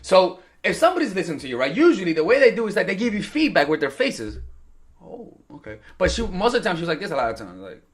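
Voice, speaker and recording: Lively rambling man giving dating advice. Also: high voice, racing, hardly any pauses. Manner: rambling, joking, acts out quotes with profanity. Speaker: dating coach. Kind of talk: casual talking-head advice video.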